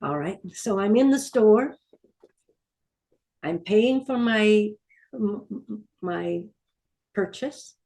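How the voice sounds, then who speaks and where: A woman's voice: medium pitch, expressive, takes it slowly, gravelly, pauses often, dark tone. Patient woman teaching vocabulary. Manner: patient, repeats words for learners to echo. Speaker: Hebrew teacher. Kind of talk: language lesson.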